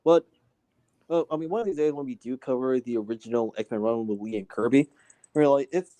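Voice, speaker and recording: A man co-hosting a casual comic book chat, speaking haltingly with many restarts. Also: medium pitch, warm tone. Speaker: co-host.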